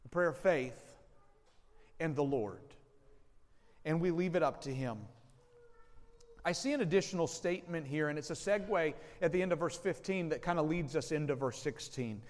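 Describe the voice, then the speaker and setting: A man preaching a sermon as pastor, slow and deliberate, pausing between phrases and leaning hard on key words. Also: fairly high pitch, big-room sound.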